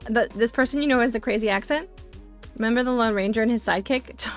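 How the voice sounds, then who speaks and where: A woman's voice: fairly high pitch, quick pace, soft background music. Chatty, giggly woman streamer from Louisiana. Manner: chatty, giggly, lots of fillers and restarts. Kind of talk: casual live-stream chat.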